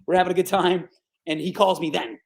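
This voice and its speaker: A man in his forties from upstate New York, a sports broadcaster telling stories as a podcast guest, animated and casual, often saying "dude" and "right?". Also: high voice, brisk, creaky. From Capital Region, New York. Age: 40s. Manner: animated, acts out quoted voices, says "dude" and "right?" often. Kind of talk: casual storytelling interview.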